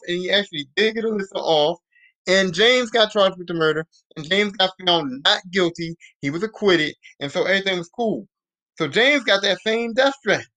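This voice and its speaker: A man's voice: sits high, sharp tone. A man hosting a podcast, casually recapping a TV series in profane, rambling slang. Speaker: podcast host.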